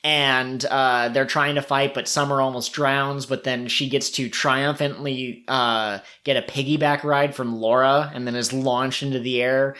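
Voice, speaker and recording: A mid-pitched man in casual podcast chat about an anime series. He talks loosely with lots of fillers and laughs, and his voice jumps up high when he quotes characters. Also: little pitch movement, a little slow, few pauses, bright, forceful tone. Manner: chatty, laughs often, quotes characters in a raised voice. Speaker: podcast co-host.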